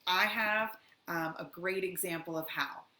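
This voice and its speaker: A woman's voice: lowish voice, a little slow, bright, forceful tone. A woman educator who works on domestic violence, answering viewer questions in an earnest Q&A and explaining through acted-out examples. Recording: echoey room with faint background noise.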